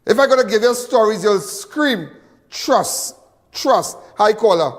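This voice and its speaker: A Trinidadian man hosts a live call-in crime show in a high, lifted voice, pressing his points by saying them twice. His voice carries a long reverb tail, as if in a large hall. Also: lively intonation, moderate pace. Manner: emphatic, chatty, repeats phrases for effect.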